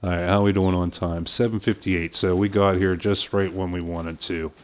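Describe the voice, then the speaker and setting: A middle-aged man with a softened Pittsburgh accent talks to viewers over a hunting game he's streaming. His voice sits a little low and sounds smooth and clear. He chats easily, dropping plenty of "uh" fillers and laughing often. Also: steady tone, moderate pace. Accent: softened Pittsburgh American. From southwest Pennsylvania, USA. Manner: chatty, frequent "uh" fillers, easy laughs. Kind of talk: casual live-stream commentary.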